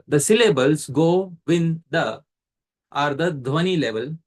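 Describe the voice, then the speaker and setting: A man giving a scriptural lecture, explaining step by step in a measured way and pausing to quiz a listener. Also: fairly high pitch. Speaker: teacher.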